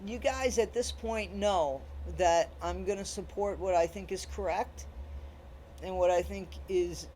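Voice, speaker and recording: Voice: mid-range voice, darkish tone, a little hiss or hum, poor audio. Emphatic commentary vlog host. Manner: emphatic, repeats points, frequent restarts. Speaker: channel host. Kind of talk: casual commentary to viewers.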